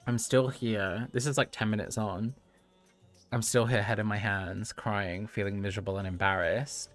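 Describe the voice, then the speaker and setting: A man's voice: on the low side, fairly even intonation, moderate pace, faint music behind. A man in his thirties, a livestream host telling a story to his chat, talking casually and laughing often. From United Kingdom. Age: 30s.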